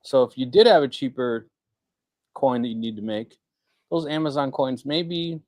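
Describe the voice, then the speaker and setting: A middle-aged man co-hosting a live maker Q&A in casual chat, telling stories and acting out the voices of people he quotes. His voice sits at a medium pitch and is recorded close and dry, with no room sound. It is the sound of a relaxed livestream talk among hobby makers. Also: normal speed, dry recording. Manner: chatty storyteller who acts out quoted voices.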